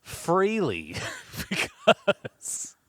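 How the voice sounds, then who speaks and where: A man's voice: sits high, huge pitch swings, very slow, no echo. A man hosting a podcast in casual chat, rambling and teasing with lots of fillers. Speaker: podcast host.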